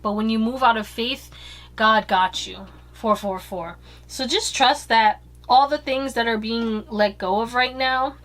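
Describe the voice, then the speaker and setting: A woman's voice: a little high, fairly bright tone. A woman giving a casual pick-a-card tarot reading, chatty and blunt, swearing freely and giggling.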